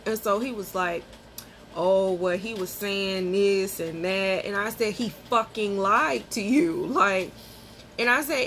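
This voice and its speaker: A woman casually telling a personal story, swearing freely and acting out her own sharp comebacks. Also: medium pitch, a little hiss or hum. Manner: profane, animated, quotes people in sharp outbursts.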